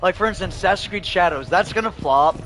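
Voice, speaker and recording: A man streaming a video game, chatting casually and telling rambling stories, his voice going hoarse. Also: high voice, animated, fast talker, fairly bright tone. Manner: loose rambling storytelling, laughs often, swears freely. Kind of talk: casual livestream chat while gaming.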